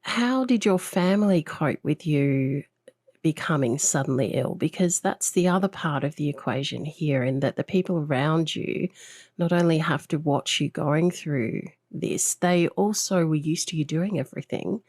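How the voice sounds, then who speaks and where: A woman hosting a podcast interview, talking in an earnest, reflective way that is sometimes halting. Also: deep voice, a little mellow, no echo. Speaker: podcast host. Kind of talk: conversational interview.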